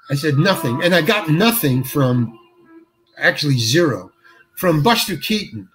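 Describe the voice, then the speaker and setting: An older actor, speaking a bit on the high side, tells a story during an interview. His delivery is halting, with many restarts, and he acts out the quotes.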